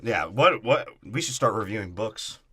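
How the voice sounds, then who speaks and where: A young man co-hosting a crude comedy podcast, riffing profanely on a movie and slipping into quick character voices. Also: lowish voice, expressive, noisy background. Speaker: podcast co-host.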